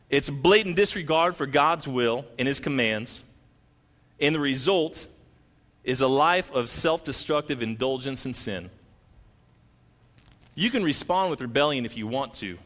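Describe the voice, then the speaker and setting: A man preaching a sermon, retelling a scripture story in animated, conversational language and acting out the quoted lines. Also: on the high side, highs cut off. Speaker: pastor.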